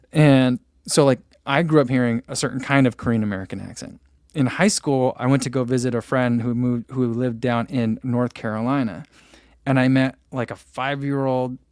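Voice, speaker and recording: A man from New Jersey hosting a running livestream, reading out viewer questions and answering in a relaxed, rambling way with lots of fillers. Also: medium pitch, no room sound, clean studio sound. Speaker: running channel host.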